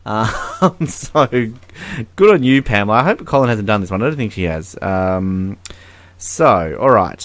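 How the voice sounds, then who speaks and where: Australian man, podcast co-host, animated rant, very lively pitch, dry sound. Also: unhurried, dry recording. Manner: animated ranting with laughs. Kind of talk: casual sports chat.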